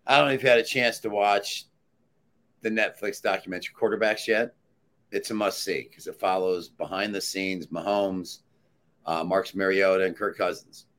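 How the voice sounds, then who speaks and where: A deep-voiced man works as a betting handicapper on a sports talk panel. He states his picks firmly and emphatically, with no doubt in his delivery. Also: steady tone, normal speed, fairly bright tone. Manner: assured, emphatic pick-maker.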